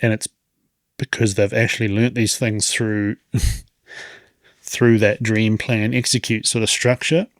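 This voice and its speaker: Gravelly man in his late thirties. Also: fairly low pitch, flat delivery, takes it slowly, long pauses, no echo, studio quality. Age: 30s. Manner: rambling, reflective, chuckles often. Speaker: podcast host. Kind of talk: casual podcast monologue.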